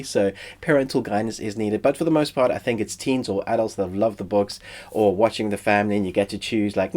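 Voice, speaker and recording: A man with a head cold and a stuffy, congested voice, giving a chatty, relaxed spoken review. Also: fairly low pitch, a little fast. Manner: chatty, relaxed, uses fillers. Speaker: film and TV reviewer.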